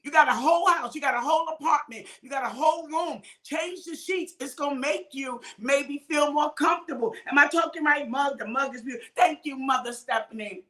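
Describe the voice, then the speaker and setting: Bright, high-voiced woman preaching. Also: a little fast, few pauses. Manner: exhorting, repeats phrases, calls out viewers by name. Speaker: minister hosting a midday livestream. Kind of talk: informal preaching to online viewers.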